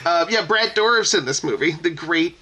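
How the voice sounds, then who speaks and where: A man with a voice on the high side co-hosts a podcast in relaxed, rambling chat, interrupting himself and laughing along the way. He speaks at a moderate pace with lively intonation over background noise.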